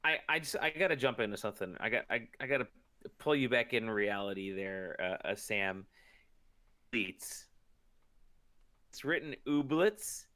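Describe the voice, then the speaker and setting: A man co-hosting a gaming podcast, cutting in with quick, teasing remarks. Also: lowish voice, bright, forceful tone. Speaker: podcast co-host. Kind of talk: casual chat.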